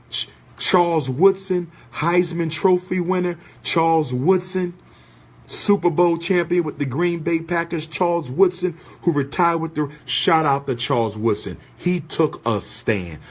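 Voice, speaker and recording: A man's voice: fairly high pitch, husky. A man giving an impassioned, preacher-like rant to an audience, full of repeated rhetorical questions. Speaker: speaker addressing an audience. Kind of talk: impassioned ranting speech.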